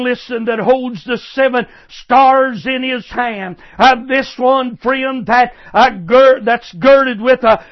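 An older male preacher delivers a fervent sermon in a strikingly high voice, speaking slowly and deliberately. He keeps calling out to his listeners with "listen" and "friend". The recording is dull and lo-fi.

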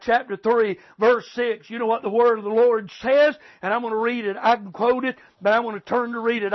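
A man's voice: very high-pitched, lo-fi sound. A man preaching a sermon with fervent, repetitive, emphatic delivery.

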